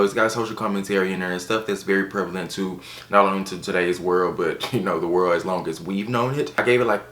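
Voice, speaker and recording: A man casually reviewing books on his channel, chatty and animated, with playful asides. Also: low-pitched, reverberant. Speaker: book reviewer. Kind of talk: casual book review vlog.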